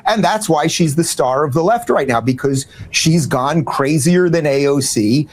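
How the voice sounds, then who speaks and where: A man's voice: on the high side, normal speed. A man commenting on a talk show in a sarcastic, indignant tone.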